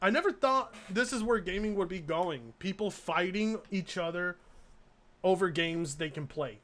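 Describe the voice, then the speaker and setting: Sarcastic high-voiced male streamer. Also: moderate pace, a bit bright. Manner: sarcastic, incredulous, laughing asides. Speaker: streamer reacting to videos. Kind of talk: casual live-stream reaction commentary.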